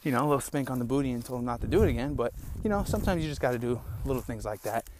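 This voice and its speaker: A young man's medium-pitched voice, darkish in tone, comes rapid-fire over slight background noise as he hosts his solo podcast. Sitting in a little outdoor hideout on rural land, he rambles candidly, slightly out of breath, calling his listeners "bro" and "man."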